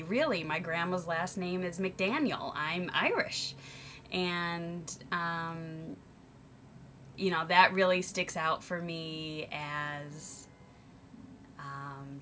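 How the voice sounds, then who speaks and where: A woman's voice: low voice, bright, forceful tone, slight background noise. A young American woman talking reflectively to her camera, hesitant and thoughtful, with frequent ums and self-corrections. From United States. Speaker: vlogger. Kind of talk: reflective personal vlog monologue.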